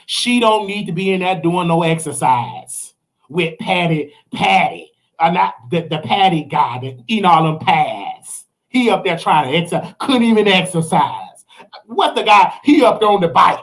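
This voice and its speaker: Man, Southern US accent, host, animated rant, preachy, mocking. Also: high-pitched, normal speed. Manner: preachy, mocking, acts out quotes in other voices.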